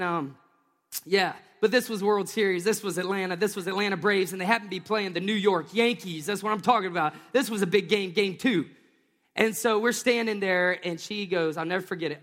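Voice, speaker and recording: A pastor with a notably high voice tells a story from the pulpit with animated, playful energy. He acts out the other people's lines as he goes. His voice carries a long echo through a large church hall. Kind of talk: sermon storytelling.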